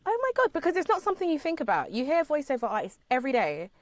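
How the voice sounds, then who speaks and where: A woman guest telling her story in a chatty, lively way, laughing often, over a video call. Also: high-pitched, rapid-fire, no room sound. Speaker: podcast guest. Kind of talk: casual interview chat.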